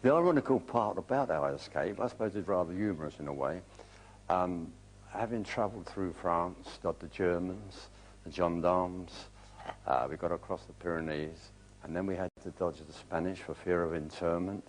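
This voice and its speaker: An older man from England with a very deep voice tells his old war memories plainly, with the odd hesitation. A faint hum sits under the recording. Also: moderate pace, low-quality recording. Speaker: war veteran interviewee. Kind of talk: spoken recollection.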